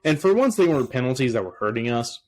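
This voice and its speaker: A man co-hosting a sports podcast, chatting casually and excitedly with frequent restarts. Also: medium pitch, fast talker. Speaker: podcast co-host.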